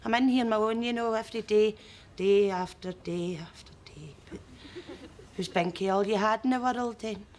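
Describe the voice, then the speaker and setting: An actress playing a lonely, overfamiliar shopkeeper with a Scottish accent, in a comedy sketch. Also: female voice, medium pitch, normal speed, darkish tone, natural voice. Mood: pushy. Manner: overfamiliar, pushy, chatty. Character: lonely, clingy middle-aged woman shopkeeper.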